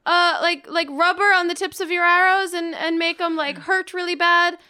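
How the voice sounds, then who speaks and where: A woman's voice: very high voice, fairly even intonation, normal speed, pushed and bright. A woman player in a tabletop game, chatty and full of "like" fillers. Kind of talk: casual tabletop game chat.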